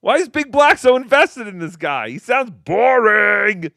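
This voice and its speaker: A man's voice: high voice, big pitch swings, a little slow, vocal fry, bright, forceful tone, no echo, studio quality. A man co-hosting a podcast, talking in sarcastic, mocking casual banter. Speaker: podcast co-host.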